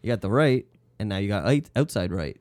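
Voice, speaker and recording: A man co-hosting a podcast, chatting casually with dry, deadpan jokes. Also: fairly low pitch, fairly quick, no room sound. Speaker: podcast co-host. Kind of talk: casual chat.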